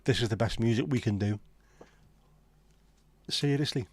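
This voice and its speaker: The speaker is a livestream host from Liverpool, England, with a Scouse accent, casually reading live comments and throwing blunt, sweary banter back at viewers. His medium-pitched voice is slightly rough and moves at a moderate pace, recorded dry.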